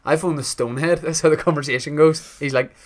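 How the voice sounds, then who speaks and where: A man's voice: on the high side, fast. A man co-hosting a podcast, telling a story in casual chat and acting out the quotes. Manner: animated storyteller, acts out quotes with laughs. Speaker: podcast co-host.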